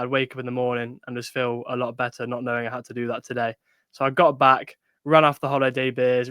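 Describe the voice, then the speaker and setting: A young man on a podcast chatting in a friendly, upbeat way. His voice is smooth and clear, recorded dry and close with no room sound. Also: medium pitch, a bit bright, no room sound. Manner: upbeat, calls listener mate and brother. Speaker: podcast co-host. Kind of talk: casual chat.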